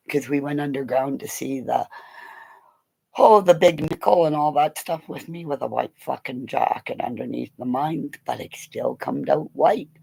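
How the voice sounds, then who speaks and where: Gravelly, excitable woman telling stories on a livestream. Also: low-pitched, poor audio. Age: middle-aged. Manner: excitable, laughing, swearing, jumping between stories. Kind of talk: casual storytelling on a livestream.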